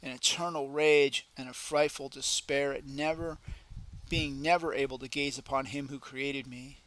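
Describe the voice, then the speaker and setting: A man's voice: medium pitch, fairly even intonation, normal speed, fairly bright tone, natural voice, poor audio. A man reading the lines of a despairing male demon in hell in a solemn reading voice.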